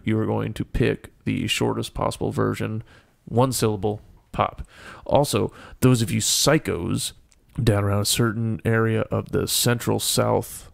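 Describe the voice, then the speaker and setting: A man's voice: on the low side, gravelly. A man co-hosting a casual podcast, ranting heatedly and swearing constantly. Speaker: podcast co-host.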